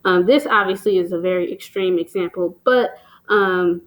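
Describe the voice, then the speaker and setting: A woman explains literary terms in a steady teaching voice. She stops often with "um" and "so", then reads short example lines aloud before going back to explaining. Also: lowish voice, normal speed, low-quality recording. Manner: plain, patient explaining with frequent "um" and "so".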